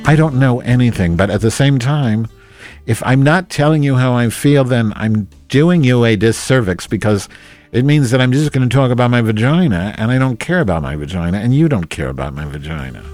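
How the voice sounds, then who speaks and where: A man streaming live, rambling and swearing as he reacts to his viewers, jumping between loud outbursts and low mutters. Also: expressive, a little fast, faint music behind. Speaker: livestreamer reading chat.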